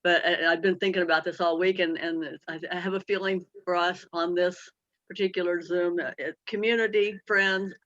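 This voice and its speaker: A woman's voice: on the low side, fairly even intonation, normal speed, fairly bright tone, no echo. A woman on a video call, tearful and laughing through her emotion as she shares what she is grateful for. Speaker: call participant. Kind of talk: casual sharing. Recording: dull lo-fi call audio.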